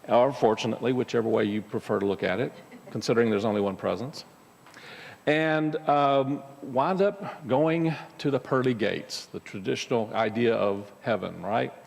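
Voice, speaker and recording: A male minister speaks to his congregation in a casual, conversational way. His mid-pitched voice has a gravelly texture, and it rings with the long reverb of a church hall. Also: normal speed. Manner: conversational, with fillers and restarts. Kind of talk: spiritual talk to a congregation. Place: church sanctuary.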